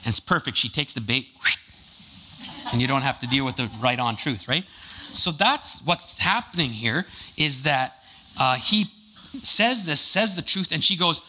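A man's voice: on the high side, a little slow, sharp tone, a little hiss or hum, rough recording. A man preaching a casual, conversational sermon, full of jokey asides and fillers.

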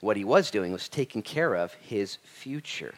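A man in his thirties, a pastor preaching a Bible study sermon with lively acted-out quotes and humor. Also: lowish voice, moderate pace.

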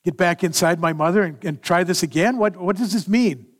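A man's voice: high voice, brisk. A man preaching acts out a bewildered male religious teacher asking confused, pleading questions. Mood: puzzled.

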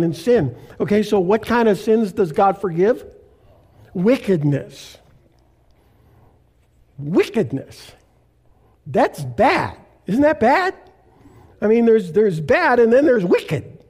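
A male pastor preaching a sermon, slowing down to read scripture and putting questions to his listeners. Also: high-pitched, darkish tone. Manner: earnest preaching, slows to stress scripture, asks the congregation questions.

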